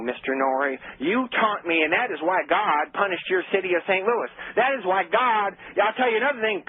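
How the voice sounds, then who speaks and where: Brief: man playing a bombastic zealot caller, high husky voice, tinny phone line. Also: no echo. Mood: indignant. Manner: bombastic, repeats "I'm gonna tell you what". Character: ranting zealot male caller, self-righteous, indignant. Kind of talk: call-in radio rant.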